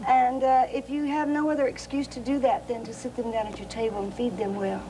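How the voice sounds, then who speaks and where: A woman's voice: a little high, flat delivery, brisk, mellow, a little hiss or hum, poor audio. A middle-aged woman from southwestern Virginia with a Southern Appalachian accent, telling family stories in an interview and laughing often. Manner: chatty, laughing storyteller, many fillers. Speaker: interview guest, cookbook author. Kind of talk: anecdotal storytelling in an interview.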